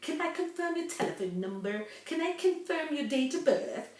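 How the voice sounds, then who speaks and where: A woman's voice: high voice, sing-song, normal speed, darkish tone, voice pushed up. A woman mimicking a pushy female phone scammer, with a put-on Cockney accent and a brash, insistent manner. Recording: roomy echo, distant mic.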